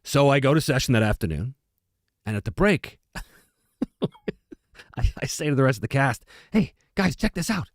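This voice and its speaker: A man's voice: mid-range voice, moderate pace, pauses often, dry recording, clean studio sound. A man hosting a livestream as a voice actor, chatting casually and telling stories with easy laughter. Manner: lively storyteller who laughs easily. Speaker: voice actor and streamer host.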